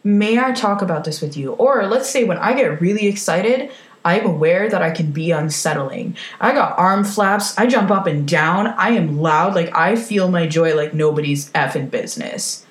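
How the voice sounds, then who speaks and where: A woman's voice: on the low side, lively intonation, normal speed, reverberant. A woman giving a frank, emphatic motivational talk, swearing casually as she speaks. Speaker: self-help speaker.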